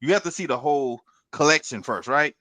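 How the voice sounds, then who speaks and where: A man's voice: fairly high pitch, a little fast, dry recording. A middle-aged man in casual podcast chat, giving advice and repeating himself as he talks. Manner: animated, repeats words, gives advice. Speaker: podcast co-host.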